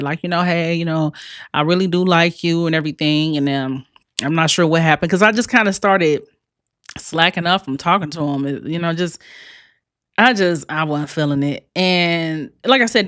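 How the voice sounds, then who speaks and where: A woman's voice: fairly low pitch, fairly bright tone, no room sound, clean studio sound. A woman hosting her own podcast, telling a personal story in a frank, profane way, laughing often and speaking straight to her listeners. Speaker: podcast host. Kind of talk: candid storytelling monologue.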